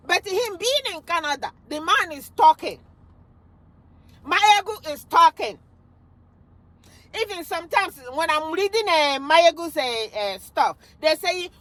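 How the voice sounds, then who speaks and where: A middle-aged Nigerian woman with a Nigerian accent, ranting emphatically in a commentary vlog with loud outbursts. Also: high-pitched. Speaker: vlogger commenting on news.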